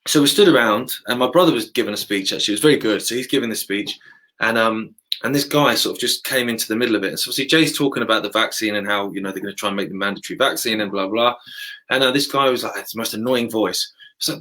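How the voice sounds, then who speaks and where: Guy rattling off a story quick, does all the voices, chatty. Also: mid-range voice, low-quality recording. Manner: animated storyteller, acts out voices. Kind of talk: casual chat.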